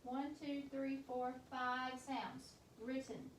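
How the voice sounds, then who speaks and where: Slow, deliberate woman teaching phonics. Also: sits high, level tone, distant mic. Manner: slow, deliberate, sounds out each letter. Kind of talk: phonics dictation lesson. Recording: echoey room, voice off-mic, faint noise.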